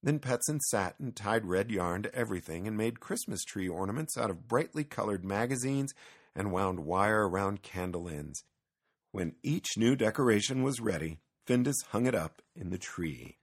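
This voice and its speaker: Deep, husky male storyteller. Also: normal speed. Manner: expressive, storytelling. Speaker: narrator. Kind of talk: storybook narration.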